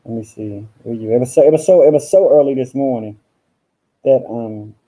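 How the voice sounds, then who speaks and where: This livestream host chats from his home at a moderate pace, his medium-pitched voice warm even through poor audio. He's sassy and profane, addressing listeners as "girl" and "honey."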